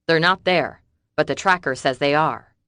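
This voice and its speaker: A woman's voice: low voice, moderate pace, a bit bright, clean tone, dry recording, studio quality. A woman voicing an impatient male hired assassin who speaks curtly, for an audiobook. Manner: curt, impatient.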